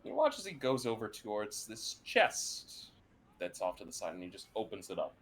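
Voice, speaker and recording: Low-voiced male game master, relaxed narration, animated pitch. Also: moderate pace, faint music behind.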